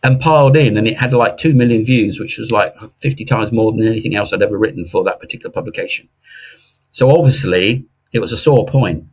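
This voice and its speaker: A middle-aged man giving investment views in a casual interview, animated and jokey, with frequent restarts. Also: lowish voice, breathy edge. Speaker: investment commentator guest.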